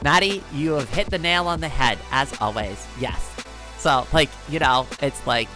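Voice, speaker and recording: A woman's voice: extremely low pitch, normal speed, sharp tone, faint music behind. Chatty woman streamer, "like, right?". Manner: chatty, peppers speech with "like" and "right?"; playful, laughs often. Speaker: live streamer. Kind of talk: casual advice chat.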